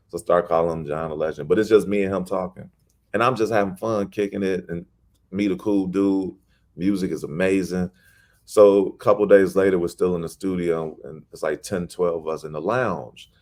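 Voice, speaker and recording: A man's voice: deep voice, fairly even intonation, normal speed, darkish tone. A middle-aged man from Chicago, a poet guest telling stories in a casual interview and animatedly acting out the people he quotes.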